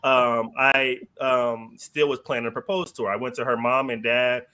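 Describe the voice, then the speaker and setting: Bright-voiced man telling a story casually. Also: medium pitch, steady tone, normal speed, clear, resonant tone. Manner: loose and slangy, heavy on fillers, laughs while telling. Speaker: podcast guest.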